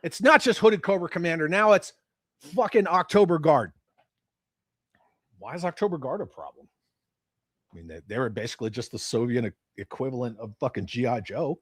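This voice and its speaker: A man's voice: mid-range voice, lively intonation, moderate pace, long pauses, breathy edge, dry recording, clean studio sound. A man hosting a livestream, ranting with profanity and sarcasm about his hobby. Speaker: livestream host.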